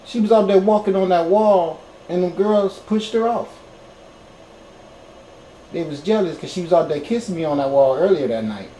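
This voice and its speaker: A man telling his own story to viewers in a casual, animated way, swearing freely and getting loud when excited. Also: sits high, normal speed, a little hiss or hum. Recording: roomy echo, faint background ambience.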